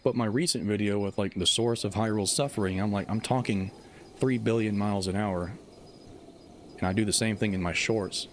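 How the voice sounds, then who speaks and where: A man chatting casually on a livestream as host, rambling in an animated, self-mocking way and answering viewer comments. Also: fairly low pitch, fairly quick, slight background noise. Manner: reads viewer comments aloud and answers them. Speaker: Zelda theory YouTuber streaming.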